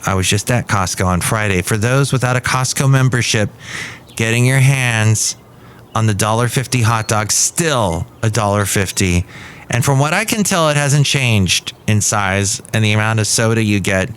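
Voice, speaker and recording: A man's voice: lowish voice, expressive, normal speed, a bit bright, slight background noise. Playful rambling podcast man. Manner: rambling, playful, jokey asides. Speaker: podcast host. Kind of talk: comic one-man podcast.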